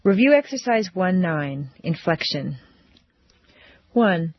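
A woman teaching pronunciation drills, speaking slowly and deliberately with exaggerated intonation. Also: lowish voice, sing-song, breathy edge, no room sound. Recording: dull dry lo-fi recording.

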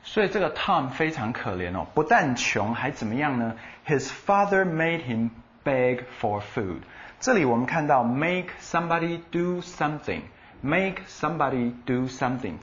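Animated male bilingual lesson host. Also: mid-range voice, muffled recording. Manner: animated explaining, switching between Chinese and English. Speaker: bilingual co-host explaining in Chinese. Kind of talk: radio English lesson.

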